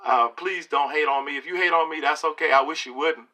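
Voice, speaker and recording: A middle-aged man giving an opinion monologue to camera, emphatic and preachy, often pausing to ask "okay?". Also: on the high side, bright, forceful tone. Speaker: video blogger.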